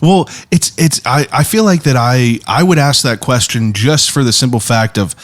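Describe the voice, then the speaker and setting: A man hosting a casual podcast interview, talking in a rambling way with halting restarts. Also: mid-range voice, no echo. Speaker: podcast host.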